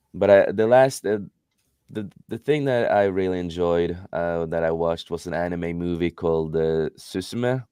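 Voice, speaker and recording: A young man talks casually on a livestream, rambling and restarting his sentences, filling gaps with "um" and "uh" and dropping the odd swear word. His voice sits very low and comes across smooth and clean. The sound is dry and close, with no room in it. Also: darkish tone, dry recording. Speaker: livestream co-host. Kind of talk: casual chat.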